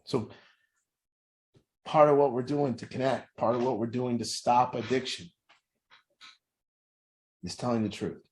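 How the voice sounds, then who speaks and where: Speaking a little slowly with long pauses, this man has a medium-pitched, darkish voice. He's an addiction recovery coach giving a blunt motivational talk on truth in families, intense, preachy, and frequently profane.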